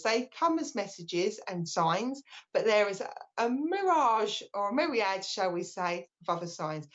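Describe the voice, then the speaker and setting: A British woman working as a medium, giving a live reading in a gentle, reassuring way that often restarts mid-sentence. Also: mid-range voice. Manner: gentle and reassuring, relays messages with frequent restarts. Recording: slightly dull lo-fi sound.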